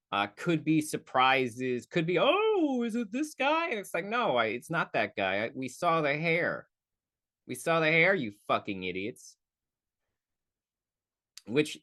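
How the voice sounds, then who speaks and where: A man runs a one-person podcast movie review, loose and rambling, often backtracking, with profane side comments and fast silly voices. The voice is a little high with a fairly bright tone.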